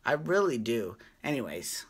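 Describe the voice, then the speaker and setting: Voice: mid-range voice, big pitch swings, normal speed, husky. A host recapping a reality show in a casual, gossipy vlog, chatting and laughing along. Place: home at night.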